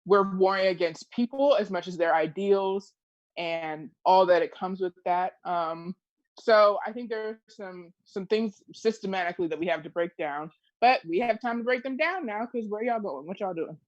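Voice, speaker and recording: A woman's voice: medium pitch, moderate pace, no echo. A woman panelist in casual chat, thoughtful and wry. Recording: dull dry call audio.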